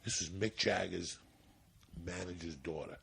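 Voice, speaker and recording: A man's voice: measured pace, gravelly, a bit bright, breathy edge. A man telling a rambling, profane story in casual podcast chat. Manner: profane, rambling, low-key. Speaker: podcast guest, comedian.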